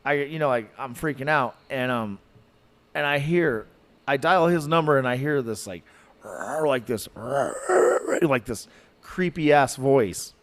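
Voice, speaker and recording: A man telling a podcast story in an animated, rambling way, full of fillers and likes. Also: medium pitch, unhurried. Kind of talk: casual storytelling.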